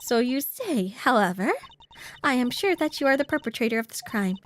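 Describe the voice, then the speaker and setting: A woman's voice: a little high, animated, normal speed, a little hiss or hum, lightly acted. A woman voicing a stern, officious female flight attendant who speaks in a formal, stiff announcing manner.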